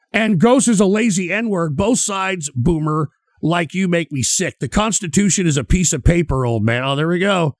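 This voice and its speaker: High-voiced man ranting, dry sound. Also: a bit bright, dry recording. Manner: heated, sneering, swears constantly. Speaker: streamer reacting to clips. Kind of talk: profane ranting commentary.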